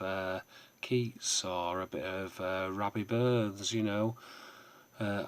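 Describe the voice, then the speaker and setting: A man's voice: low voice, fairly bright tone. A man talking to camera as an online seller, rambling off on tangents with frequent hesitations and self-deprecating asides. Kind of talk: casual rambling vlog.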